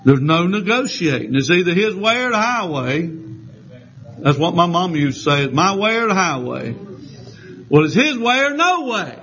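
Man, preacher, high voice, fervent sermon, dull recording. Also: creaky. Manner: fervent, rising to shouts. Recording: dull lo-fi with faint noise.

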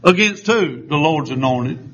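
A man preaching a fiery, emphatic sermon, often pausing for "amen.". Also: on the high side, lively intonation, a bit bright, slight background noise. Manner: fiery, emphatic, punctuated with amens. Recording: dull lo-fi sound.

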